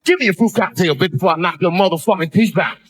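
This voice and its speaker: A man's voice: high-pitched, fast, no room sound, soft background music, pitched above the performer's own voice. A man voicing a brash, threatening man who claims to be a woman in a women's jail, barking crude demands. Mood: aggressive.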